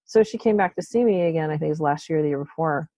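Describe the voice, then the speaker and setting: A woman's voice: deep voice, very fast, mellow, dry recording. A woman in her forties, a tarot reader and guest, talking bluntly and swearing freely in casual conversation. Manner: blunt, profane, forthright.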